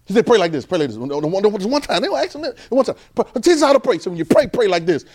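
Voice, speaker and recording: Male preacher with a high voice, casual and animated delivery, repeats himself for emphasis. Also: quick pace. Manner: animated, repeats phrases, swings between loud and soft. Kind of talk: informal conversational sermon.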